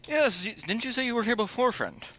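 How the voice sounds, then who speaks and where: A man's voice: very high voice, expressive, brisk, bright, forceful tone, a little hiss or hum. A man taking part as a player in a tabletop role-playing game, speaking politely and casually in character.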